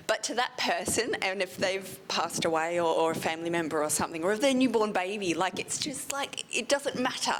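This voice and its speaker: A woman's voice: mid-range voice, fairly quick, few pauses, a little hiss or hum. A woman who is a wedding photographer, talking candidly on a panel into a handheld mic, heartfelt and self-deprecating. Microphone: handheld microphone.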